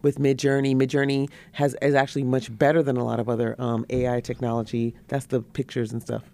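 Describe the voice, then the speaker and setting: Podcast co-host, animated, emphatic storyteller, dry close sound. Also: mid-range voice, brisk, no echo. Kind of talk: casual news chat.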